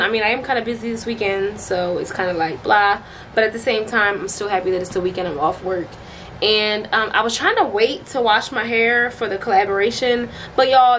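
A woman's voice: mid-range voice, a bit bright, a little hiss or hum. A young woman in her twenties talking casually to her camera in a home vlog, upbeat and chatty, laughing often and using lots of fillers. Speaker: vlogger.

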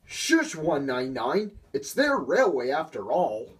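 A smug male diesel engine from a storybook, prim and easily offended, as a male reader puts him on. He sounds lifted and bouncy, his pitch swinging widely, and he speaks unhurriedly. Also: wildly swooping pitch, slow pace, full character voice. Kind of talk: storybook character voice.

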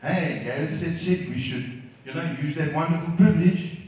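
A man's voice: fairly high pitch, normal speed, darkish tone, slight background noise. A South African man in his fifties doing a brash, profane stand-up set on a comedy club stage. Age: 50s. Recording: echoey club, voice from far off.

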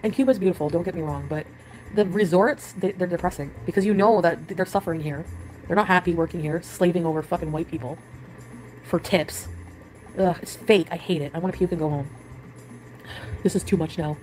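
A woman's voice: lowish voice, fairly quick, a little mellow, rough recording. A young woman vlogging, rambling, swearing and venting about her trip and her friends. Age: young adult. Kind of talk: emotional confessional vlog. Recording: clip with music behind.

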